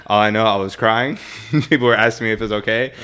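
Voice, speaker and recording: Excitable young male storyteller. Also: on the low side, quick pace, smooth. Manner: excitable storyteller, acts out quotes, laughs often. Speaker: podcast co-host. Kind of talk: casual chat.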